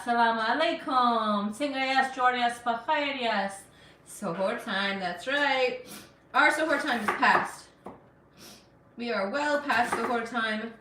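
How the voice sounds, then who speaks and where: A woman from Afghanistan hosts a relaxed cooking live stream at her own unhurried pace. Her voice is bright and forward, and it sounds set back from the mic in an echoey kitchen. She chats easily and answers viewers as they comment. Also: fairly high pitch, far from the mic, a little hiss or hum. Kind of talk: casual live-stream chat while cooking. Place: home kitchen.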